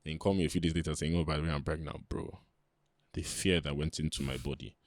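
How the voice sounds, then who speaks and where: A man's voice: very deep voice, fast talker, dry recording, studio quality. A young man, telling a personal story in a casual, slangy podcast chat and acting out what others said. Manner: animated storyteller, slangy, acts out quoted voices. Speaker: podcast co-host.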